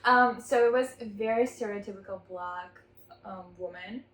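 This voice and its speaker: A woman from Russia co-hosting a podcast, chatting emphatically and cutting in with quick reactions. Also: medium pitch. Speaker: podcast co-host. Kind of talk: casual chat. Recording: roomy echo, faint ambient noise.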